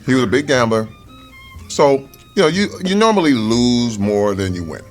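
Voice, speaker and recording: A man's voice: mid-range voice, expressive, normal speed, soft background music. A man being interviewed over a meal, telling earnest, reflective stories. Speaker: interview guest.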